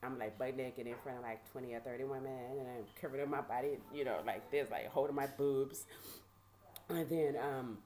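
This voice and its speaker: A woman vlogger casually telling a personal story, animated and conversational with lots of fillers. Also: rumbling low, fairly quick.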